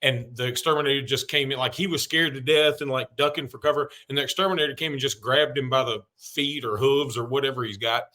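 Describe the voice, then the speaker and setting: A man's voice: medium pitch, steady tone, fast talker, hardly any pauses, bright, forceful tone. A man hosting a casual sports podcast, joking and rambling through stories. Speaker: podcast host.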